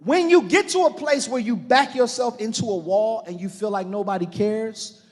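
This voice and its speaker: Middle-aged pastor, high-pitched, preaching with rising fervor, live in a church hall with a long echo. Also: male voice, moderate pace. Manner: preaching with rising shouted intensity, calling on the congregation. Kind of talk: sermon.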